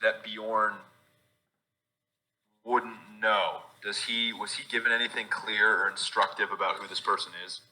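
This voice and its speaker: Male player, stammering at times; sharp bright tone. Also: lowish voice, level tone, a little slow, poor audio. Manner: stammering, flustered in character. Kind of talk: playing a tabletop game.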